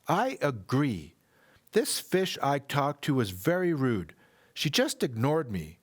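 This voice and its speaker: A man's voice: big pitch swings, slow, husky, full character voice. A man reading a storybook aloud and voicing an impatient, rude young boy with a raised, pushy voice. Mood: indignant. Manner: high, pushy and petulant.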